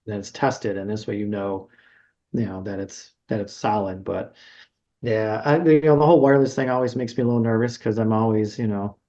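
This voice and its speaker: A man's voice: on the low side, fairly even intonation, fairly quick, mellow, muffled recording. A middle-aged man, a guitarist and music teacher, talking casually in an interview, rambling with many fillers and restarts. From Buffalo, New York area. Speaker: guest guitarist and music educator.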